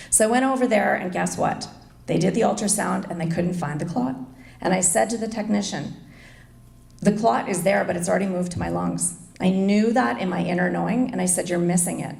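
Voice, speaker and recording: Gravelly-voiced woman telling her story. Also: lowish voice, a little mellow. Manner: earnest, confessional storytelling. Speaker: speaker at an inspirational event. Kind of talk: personal story speech. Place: hotel event room. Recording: echoey room.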